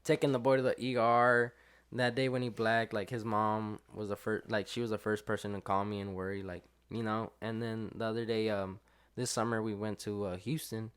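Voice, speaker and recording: A young adult man, a podcast guest, telling a story in casual chat, with lots of fillers and quotes acted out in lively voices. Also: fairly low pitch, normal speed, clean tone.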